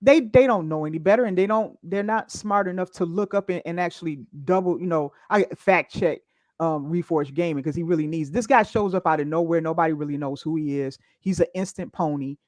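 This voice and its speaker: A woman's voice: on the low side, a little fast, darkish tone, no echo. A woman co-hosting a casual opinion chat, talking emphatically and often adding okay. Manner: emphatic, frequent laughs and okays.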